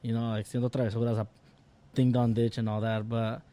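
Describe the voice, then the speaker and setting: Mellow-voiced man, Mexican Spanish accent. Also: medium pitch, little pitch movement, fast. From Tijuana, Mexico. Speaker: podcast co-host. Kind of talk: casual chat.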